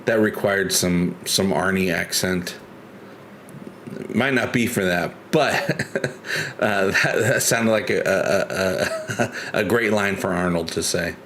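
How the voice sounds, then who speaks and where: A man's voice: low-pitched, slow pace, fairly bright tone, a little hiss or hum. A man hosting a casual live stream, chatty and joking, who rambles and restarts his sentences often. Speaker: livestream host.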